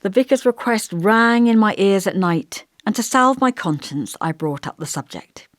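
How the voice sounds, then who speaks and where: A woman narrating a novel as an audiobook in a measured, expressive reading. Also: medium pitch, no echo, studio quality.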